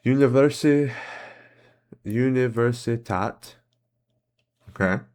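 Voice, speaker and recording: A man's voice: mid-range voice, slow pace, a little mellow. A man hosting a guessing-game series, thinking aloud as he plays, hesitant, full of "um"s and self-corrections. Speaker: host playing geography and history guessing games. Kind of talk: casual commentary while playing.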